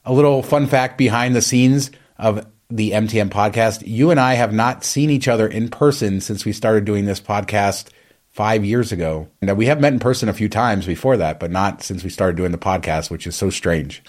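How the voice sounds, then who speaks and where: A man's voice: fairly low pitch, moderate pace. A man co-hosting a podcast, chatting in a casual, enthusiastic way. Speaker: podcast co-host.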